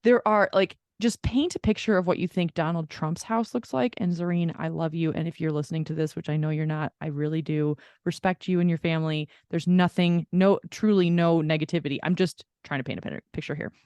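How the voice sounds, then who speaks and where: A woman's voice: sits low, fairly quick, few pauses, clean tone, dry recording. A woman co-hosting a podcast, telling a long story in casual chat and acting out the people she quotes. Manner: animated storyteller who acts out quoted people. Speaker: podcast co-host.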